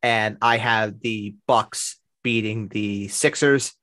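A man's voice: fairly low pitch, steady tone, slow, a bit bright. A man co-hosting a podcast in casual sports chat, opinionated and given to repeating words as he starts. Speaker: podcast co-host.

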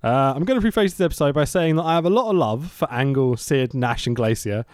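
A man's voice: medium pitch, animated, quick pace, dry recording, clean studio sound. A young man hosting a casual podcast chat, talking animatedly, swearing and laughing often. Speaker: podcast host.

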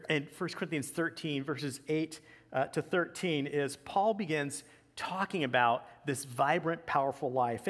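A pastor delivering a conversational sermon with casual asides. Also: male voice, on the high side, fairly bright tone, big-room sound.

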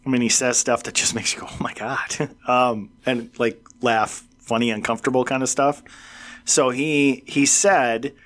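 A man's voice: medium pitch, steady tone, normal speed, fairly bright tone. A man co-hosting a casual political talk show, retelling comedians' bits and acting out the quotes with a laugh.

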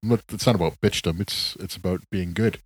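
A very low-pitched man rambles through a casual podcast chat. He rants with profane, animated emphasis. The sound is dry and close. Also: brisk, husky, dry recording. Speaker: podcast co-host.

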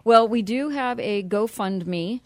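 A woman's voice: mid-range voice, takes it slowly, darkish tone, dry recording. A woman who runs a nonprofit, speaking earnestly as a radio interview guest and spelling out details carefully. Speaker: nonprofit executive director, guest.

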